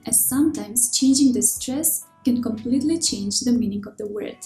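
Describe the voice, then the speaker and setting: A language teacher whose first language is Russian delivers a scripted pronunciation lesson, speaking clearly and in a measured way. Her fairly high voice sounds mellow. The room has a roomy echo with faint music underneath.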